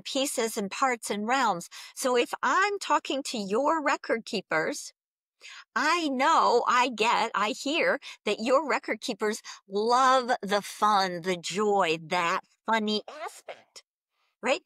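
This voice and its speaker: A woman's voice: fairly high pitch, no echo, studio quality. A woman guest talking casually about spiritual teaching, telling stories and laughing often. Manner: laughs often, animated storytelling. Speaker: guest, Akashic Records teacher. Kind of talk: casual spiritual interview talk.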